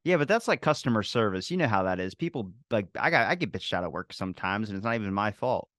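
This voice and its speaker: A man talking fast in a dry, close-miked podcast setting. He rambles through everyday anecdotes, piling up fillers like "like" and "you know" as he goes. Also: fairly low pitch, sing-song, fairly bright tone, no room sound. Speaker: podcast guest, food truck owner. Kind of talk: casual chat.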